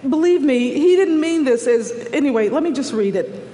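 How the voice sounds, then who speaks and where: A man reading a prepared essay aloud on stage, in an earnest, measured way. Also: very high voice, animated, warm tone, a little hiss or hum. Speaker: guest speaker reading a written text aloud. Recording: echoey hall with long reverb.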